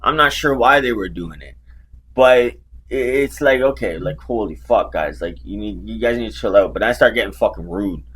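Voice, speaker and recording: A man's voice: lowish voice, animated, normal speed, fairly bright tone, husky. A man, a life coach, telling a personal story in a casual, profane way with constant filler words. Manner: casual, heavy swearing, lots of "like" fillers.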